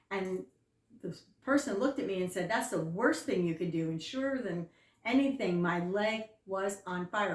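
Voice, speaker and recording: Older woman vlogging in an echoey room. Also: medium pitch. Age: 70s. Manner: chatty storytelling with emphatic slowed phrases. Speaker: lifestyle vlogger. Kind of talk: casual talk to camera. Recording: echoey room, voice from some distance.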